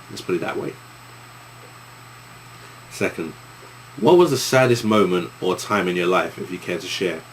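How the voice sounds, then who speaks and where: A man's voice: low-pitched, fairly bright tone, a little hiss or hum. A young man with an East London accent, answering viewer questions in a casual vlog, rambling with many restarts.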